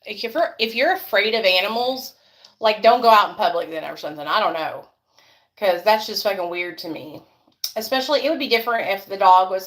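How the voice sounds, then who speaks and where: A woman vlogger and mother, chatting casually and telling a story with lots of swearing. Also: medium pitch. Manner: chatty, profane, animated storytelling.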